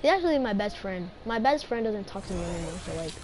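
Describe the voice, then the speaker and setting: A woman chatting casually while playing an online game with a teammate, excitable and often pleading or shouting. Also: medium pitch, fast. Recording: noisy game audio behind.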